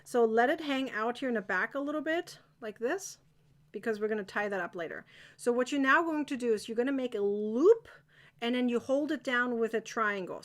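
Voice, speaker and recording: Woman with a slightly high voice doing a live crochet lesson, chatty, encouraging, keeps checking on everyone. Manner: chatty, encouraging, excitable, asks viewers if they follow. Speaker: crochet teacher. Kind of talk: live crochet-along tutorial.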